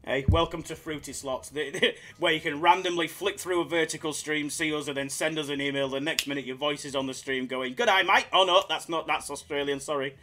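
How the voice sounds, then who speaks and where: Hyped-up man, bright tense voice. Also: fairly high pitch, steady tone, fairly quick, few pauses, faint music behind. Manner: jokey, hyped-up banter with chat. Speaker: live slots streamer. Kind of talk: casual live-stream chatter.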